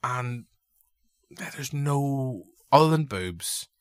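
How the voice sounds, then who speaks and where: A man's voice: medium pitch, lively intonation, drawn-out words, no echo, studio quality. A man with a Northern Irish accent, hosting a casual film podcast chat in a rambling, jokey way. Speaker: podcast host.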